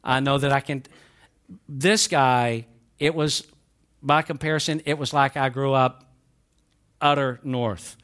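A man with a Southern American accent, preaching a sermon as pastor, swinging between raised exhortation and quieter asides. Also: medium pitch, steady tone, unhurried, pauses often, clean tone. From Southern United States. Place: church sanctuary.

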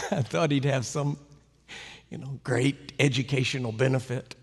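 An American man preaching, telling a story with animated, sudden loud swings and emphatic delivery. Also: mid-range voice, a little slow, breathy edge. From United States. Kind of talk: sermon storytelling. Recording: echoey hall reverb.

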